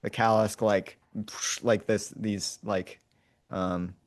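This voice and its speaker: Low-voiced man rambling through a story. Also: level tone, slow, no echo, clean studio sound. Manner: rambling, many fillers and restarts; acts out lines and roars as he tells it. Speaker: podcast host retelling a movie. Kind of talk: casual storytelling to his brother.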